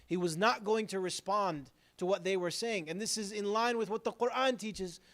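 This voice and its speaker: A man, an imam, delivering a sermon in an earnest way, building emphasis and then dropping to quiet asides. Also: high voice, moderate pace.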